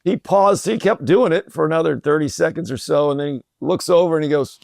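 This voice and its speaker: Middle-aged guy with a gravelly voice, chatty storyteller, dry close sound, lots of uhs. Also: a little high, a little fast, no room sound. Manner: relaxed storyteller with frequent uh fillers and restarts. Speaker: podcast guest, company president. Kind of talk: conversational storytelling.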